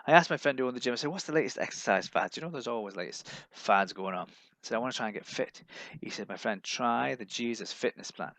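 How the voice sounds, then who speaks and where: A man from England, performing a live-streamed stand-up set of deadpan one-liners. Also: medium pitch, fast talker, dry recording. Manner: deadpan one-liners with put-on voices for others. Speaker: stand-up comedian.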